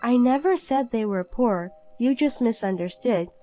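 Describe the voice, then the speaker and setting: Woman doing a calm young woman, cool and pointed, higher voice, animated story voice-over, faint music behind. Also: moderate pace, lightly acted.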